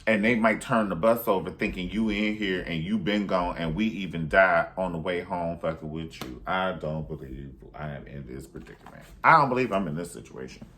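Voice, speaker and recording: A man's voice: sits low, normal speed, hardly any pauses, fairly bright tone, a little hiss or hum. A man recapping a film in a sassy, profane, theatrical way. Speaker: film reviewer. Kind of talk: casual movie recap.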